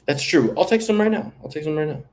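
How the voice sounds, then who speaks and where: A man's voice: on the high side, expressive, fast talker, a little mellow. A man co-hosting a casual podcast chat, telling long rambling stories with fillers and restarts. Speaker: podcast co-host.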